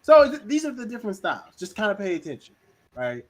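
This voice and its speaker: Male host, casual slangy delivery, animated, slightly higher voice. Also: fast, poor audio. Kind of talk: casual livestream talk on communication styles.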